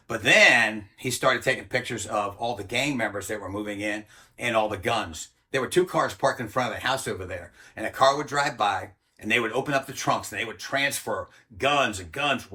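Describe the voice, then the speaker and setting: A man's voice: mid-range voice, sharp tone. Blunt, profane older man. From United States. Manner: blunt, profane, acts out quoted voices. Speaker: interview guest, former Army Ranger. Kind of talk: storytelling in casual interview.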